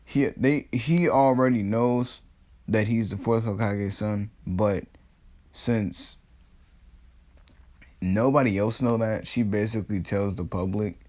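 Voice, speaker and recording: A man's voice: on the low side, slow pace, pauses often, darkish tone. A young man casually telling a fan-made story, laid-back and profane, trailing off with ums and laughing at his own jokes.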